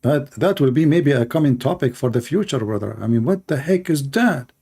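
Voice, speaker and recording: A man's voice: mid-range voice, lively intonation, fairly quick, warm tone, breathy edge. Sarcastic man hosting a reaction stream. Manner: mocking, sarcastic, non-native English phrasing. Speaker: channel host reacting to a video. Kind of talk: sarcastic live-stream commentary.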